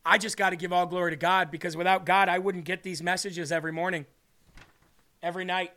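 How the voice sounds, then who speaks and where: Earnest high-voiced man hosting a faith podcast. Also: little pitch movement, fast talker, pushed and bright. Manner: earnest, emotional, reads comments aloud. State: tearing up. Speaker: podcast host. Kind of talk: reading live chat on a faith podcast.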